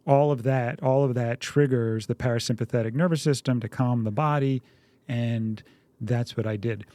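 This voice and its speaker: A man co-hosting a parenting podcast, telling lively family stories and acting out shouted quotes. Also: medium pitch, normal speed, no room sound. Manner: lively storyteller, acts out yelling quotes. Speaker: podcast co-host. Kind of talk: casual conversational podcast.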